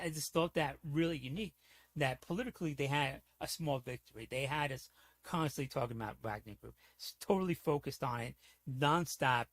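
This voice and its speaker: His mid-range voice has a creaky quality as he livestreams a casual rant that's heated, profane and meandering, peppered with "you know what I'm saying."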